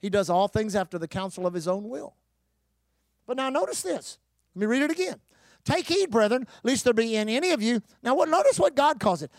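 A man preaching a sermon, emphatic, with rhetorical questions, repeated phrases and occasional shouted bursts. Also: very high-pitched, lively intonation, brisk, dry recording, clean studio sound. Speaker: pastor.

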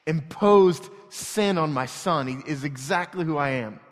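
A pastor preaching an earnest, emotional sermon that moves between hushed and loud passages. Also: male voice, on the high side. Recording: long reverb from a large hall.

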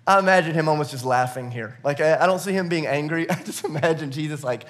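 A male pastor preaching a sermon at a church service, animated and laughing often, with many fillers and repeated words. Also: on the high side, quick pace, few pauses.

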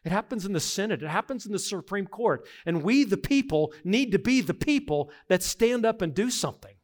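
Delivering a sermon, this middle-aged pastor has a high-sitting, expressive voice and talks a little fast. He is earnest and emphatic, shifting from hushed, reflective moments to strong insistence.

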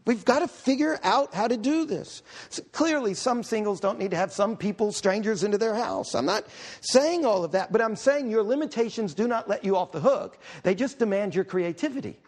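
A middle-aged man, a pastor, preaching a conversational, humorous sermon with quick asides. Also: high voice, lively intonation, darkish tone.

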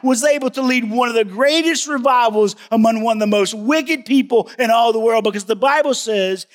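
A man with a notably high voice delivers a sermon as a pastor during a church service. He preaches with emphasis, often repeating a phrase to drive it home. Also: moderate pace, few pauses.

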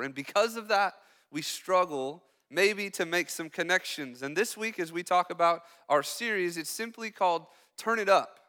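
A young man preaching as a student pastor, chatty and joking with quick asides to the congregation. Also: on the high side, sharp tone, in a large hall. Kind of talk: sermon. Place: church hall.

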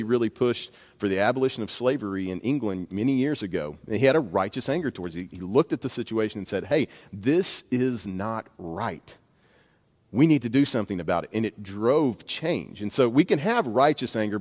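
A man's voice: lowish voice, darkish tone. Guy preaching, chatty then punchy, long echo like a big church hall. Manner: conversational preaching with bursts of emphasis and asides. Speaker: pastor. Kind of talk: sermon. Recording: long reverb of a large hall.

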